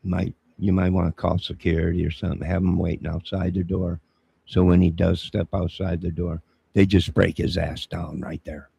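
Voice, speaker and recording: A man with a very low, gravelly voice talks on a live stream, indignant and sermon-like. He is husky and rough, and scolds his listener as 'sir'. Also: level tone, normal speed, warm tone. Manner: indignant, preachy, confrontational, keeps saying 'sir'. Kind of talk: rambling live-stream monologue.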